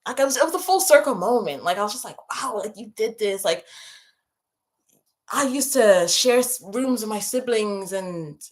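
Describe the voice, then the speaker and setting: A woman's voice: fairly high pitch, expressive, normal speed. Chatty, emotional young woman livestreaming. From moved to England from abroad. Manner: chatty, emotional, many fillers and restarts. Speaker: YouTube livestream host. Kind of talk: casual livestream chat, reading viewer questions.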